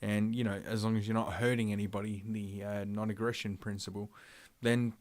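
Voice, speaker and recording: A man's voice: on the low side, level tone, brisk, darkish tone. A man streaming live, ranting through his opinions in a rambling, profane way, full of fillers and restarts. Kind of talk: livestream commentary rant.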